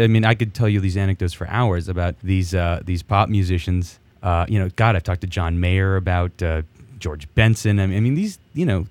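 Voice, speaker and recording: A man in his fifties, a musician guest telling stories in a relaxed way, with many fillers. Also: sits low, no echo. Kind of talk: casual studio interview. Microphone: studio mic.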